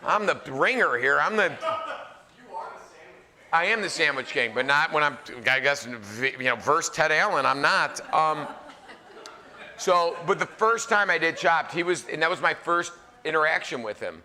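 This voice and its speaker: A man in his forties, a chef, telling funny stories live to a crowd in a casual, animated way. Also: fairly high pitch, moderate pace. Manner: animated, joking, filler-heavy. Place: live event venue.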